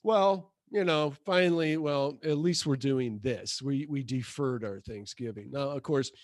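A middle-aged man chatting casually and warmly, often adding quick "yeah" and "wow" responses. His voice sits at a mid pitch. The recording is dry and close. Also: no room sound. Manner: friendly, chatty, frequent short affirmations. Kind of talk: casual chat.

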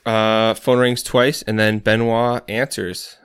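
Game master, a man with a lowish voice, relaxed and prompting. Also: slow, smooth. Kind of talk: running a tabletop game.

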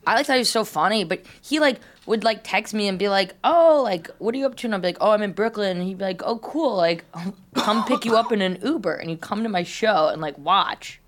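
A woman's voice: mid-range voice, fairly quick, a bit bright. A young woman co-hosting a podcast, telling a story in casual chat with lots of "like" fillers. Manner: valley-girl filler, heavy "like", storytelling. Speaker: podcast co-host.

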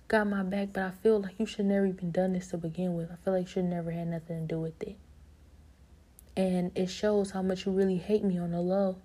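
Earnest woman, low flat mellow voice. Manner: casual, informal grammar, earnest; often drops to a soft whisper. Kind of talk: personal reflective storytelling.

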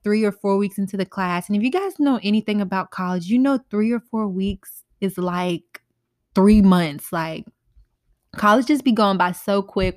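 A woman's voice: mid-range voice, dry recording, studio quality. A young woman in her twenties hosting a casual storytime podcast from her bedroom, talking candidly in slangy, profane speech. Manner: candid, slangy and profane, animated quoted voices. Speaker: podcast host.

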